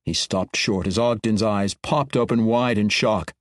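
A man narrating an epic fantasy audiobook in an expressive, dramatic reading. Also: on the low side, unhurried, no room sound, clean studio sound. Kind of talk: scripted narration.

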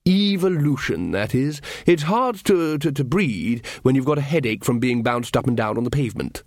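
A man doing a bluff, booming old wizard chief. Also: animated, moderate pace, darkish tone, no echo, studio quality, lightly acted. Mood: blustering. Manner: blustering, talks over others. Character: bluff loud older male wizard head.

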